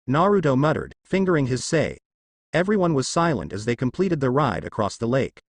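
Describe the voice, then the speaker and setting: A man narrating a fan story in a steady storytelling way. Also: medium pitch, a little fast, no echo.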